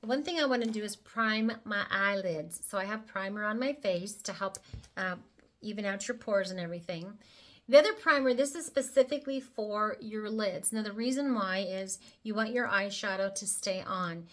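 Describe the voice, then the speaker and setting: A woman's voice: medium pitch, moderate pace, a bit bright. A woman presenting a casual makeup tutorial, talking the viewer through each step with chatty, playful asides. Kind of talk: casual how-to demonstration.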